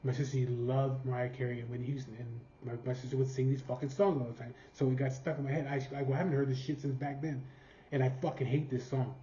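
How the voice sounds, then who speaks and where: Talking fast in a steady, mellow, medium-pitched voice, a man from California rambles through a foul-mouthed family tale and laughs at himself. This vlogger's roomy, slightly dull recording has a faint hiss or hum.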